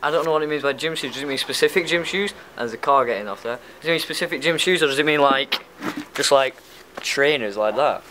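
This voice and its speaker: Talking fast in a slightly high voice, a young Lancashire man chats bluntly through a tag video for his YouTube vlog, with occasional swearing. His accent is northern English. The background is noisy.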